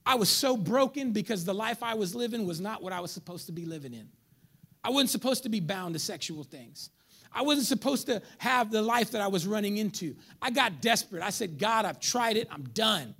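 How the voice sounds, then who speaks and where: A middle-aged pastor delivers a sermon in a high, creaky voice. He shifts from loud appeals to the congregation down to near whispers, sprinkling in casual street slang.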